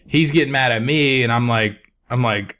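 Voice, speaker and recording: A young man co-hosting a podcast, telling a long story in a profane, animated way. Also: medium pitch, moderate pace. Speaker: podcast co-host. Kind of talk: casual storytelling.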